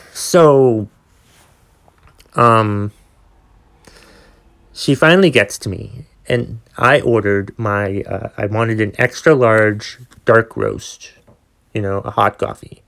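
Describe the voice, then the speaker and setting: A young man hosts his own solo podcast, ranting through a rambling, exasperated story packed with swearing and restarts. His voice is lowish, gravelly, and a bit bright, delivered slowly with frequent pauses.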